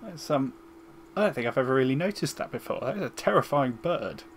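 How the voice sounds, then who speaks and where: A man's voice: medium pitch, animated, brisk, a little hiss or hum. A man chatting casually while streaming a game, cracking jokes and poking fun at his own play. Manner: joking, self-deprecating.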